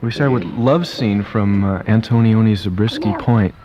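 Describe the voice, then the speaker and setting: A man hosting a casual radio interview as disc jockey, chatty and quick with fillers and restarts, in a radio studio. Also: lowish voice, a crowd in the background. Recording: dull lo-fi archival radio tape.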